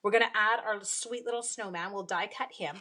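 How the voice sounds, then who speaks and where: Greeting viewers with bubbly chatter, a Canadian woman demonstrates card-making live from her home craft room. She speaks at medium pitch, brisk, with a bright, forceful tone.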